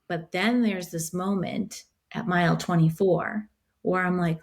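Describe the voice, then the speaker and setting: A woman in her thirties, a podcast guest, telling a story in a casual, animated way, swearing freely and acting out her own quotes. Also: lowish voice, a little slow, gravelly.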